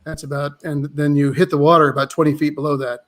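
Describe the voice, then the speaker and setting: A man's voice: on the high side, little pitch movement, fast talker, a bit bright. A man talking as a guest in a casual chat, matter-of-fact.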